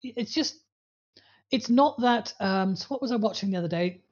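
A woman's voice: mid-range voice, normal speed, breathy edge, lo-fi sound. A woman co-hosting a podcast about dog training, talking casually and telling anecdotes with acted-out voices. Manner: storytelling, acts out voices in anecdotes.

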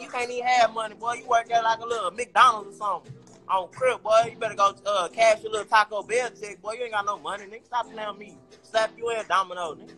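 In a casual interview, a rapper in his twenties tells stories in an animated, boastful way, full of profane street slang. His voice sits high.

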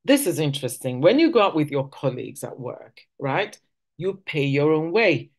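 A woman's voice: sits low, big pitch swings, moderate pace. A woman from Nigeria, giving a conversational teaching talk at a church service, often restarting sentences and acting out quoted speech. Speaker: church speaker.

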